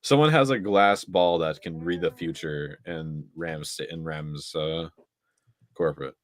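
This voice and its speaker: A young man co-hosting a casual football talk show, rattling off stats and getting excited about big games. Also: a bass voice, measured pace. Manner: excitable, stat-heavy, laughs often. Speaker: co-host. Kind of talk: casual sports chat.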